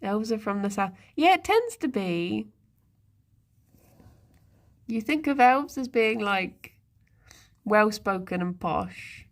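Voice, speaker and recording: A woman streamer musing aloud in casual live-stream chat, talking to her viewers and her pets. She speaks at an unhurried, drawn-out pace with a gravelly fry in her voice. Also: mid-range voice, animated. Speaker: livestreamer.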